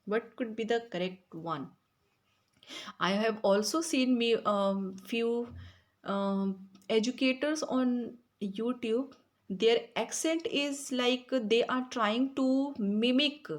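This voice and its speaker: A woman's voice: on the high side, takes it slowly. A woman from India with an Indian English accent, teaching an exam-prep lecture in a chatty, repetitive way that speaks straight to her students. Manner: conversational, repetitive, addresses students directly.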